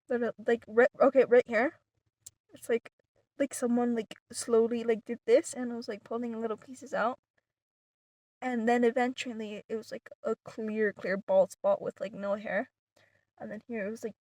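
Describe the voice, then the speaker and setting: A woman with a fairly high voice tells a story straight to her viewers, rambling and circling back with constant "like" fillers. She drops some words to a hushed whisper. The sound is dry and close. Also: no room sound. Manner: rambling, full of "like" fillers and restarts; animated retelling, some words dropped to a whisper. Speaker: vlogger. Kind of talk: casual storytelling to camera.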